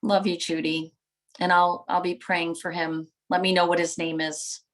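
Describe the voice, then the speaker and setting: A woman's voice: lowish voice, little pitch movement, normal speed, rough recording. A middle-aged woman giving a live motivational talk to viewers, passionate and preacher-like, driving points home with emphatic repetition. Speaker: motivational speaker and coach.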